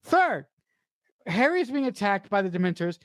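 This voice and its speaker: A woman co-hosting a podcast in casual chat, excitable and profane, often stumbling over restarts. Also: mid-range voice, moderate pace, dry recording. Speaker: podcast co-host.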